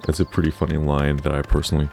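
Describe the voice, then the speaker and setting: A man's voice: a bass voice, monotone, rapid-fire, gravelly, a little mellow, soft background music. A young man chatting casually over gameplay, rambling with lots of filler words. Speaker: gaming channel host.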